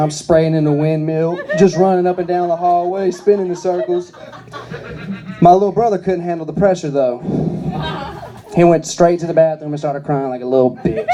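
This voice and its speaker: A man's voice: fairly high pitch, dark tone, dull audio. A man performing stand-up comedy, telling crude, rambling stories. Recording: live comedy club crowd.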